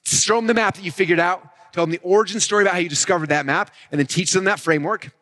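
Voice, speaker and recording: A man delivering a stage talk on marketing at a rapid clip. His voice sits a bit high and he talks with high energy, punctuating points with "right?" and "okay?". It sounds like a live presentation with running commentary. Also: sharp tone. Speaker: marketing speaker.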